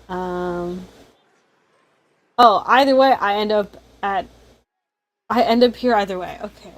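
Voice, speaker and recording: A woman's voice: medium pitch, slow pace, long pauses, rough recording. A woman streaming a story game, chatting casually and reading its text aloud in a rambling, giggly way.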